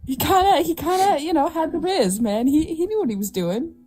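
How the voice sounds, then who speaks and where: A woman on a livestream panel, playful and quick to laugh. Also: high-pitched, lively intonation, dark tone, soft background music. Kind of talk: casual livestream chat.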